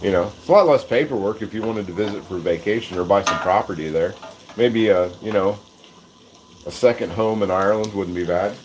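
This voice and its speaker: A man's voice: fairly low pitch, a little fast, background noise. Rambling American man hosting a cooking livestream. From United States. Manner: rambling, self-deprecating, chuckles often. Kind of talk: casual livestream chat while cooking.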